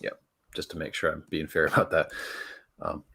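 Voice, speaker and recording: A man's voice: very deep voice, little pitch movement, normal speed, vocal fry, pushed and bright, breathy edge. A man narrating a tabletop role-playing game as game master, searching for words with many restarts and fillers.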